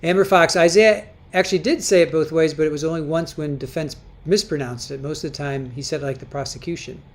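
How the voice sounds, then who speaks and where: The livestream host's voice sits low and runs a little fast as she chats casually and reads out viewer comments. She often repeats and restarts her words.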